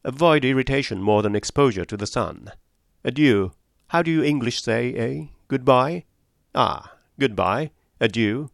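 A man voicing an eccentric old male doctor who speaks in a calm, sententious, imperturbable way. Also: mid-range voice, measured pace, vocal fry, few pauses, dry recording, clean studio sound. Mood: calm probing.

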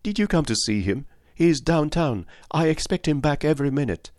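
A man reading an audiobook voices a shy young woman with a slight German accent who speaks gently and politely. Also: fairly high pitch, expressive, fairly quick, no echo, studio quality, pitched above the performer's own voice, natural voice. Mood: welcoming. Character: young woman innkeeper's daughter, shy, gracious.

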